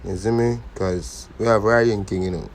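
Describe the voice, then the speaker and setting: Jamaican guy lecturing on his vlog, lowish voice, "you see me" every line, bit of faint noise. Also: fairly even intonation, normal speed. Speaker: commentary vlogger. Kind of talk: casual commentary monologue.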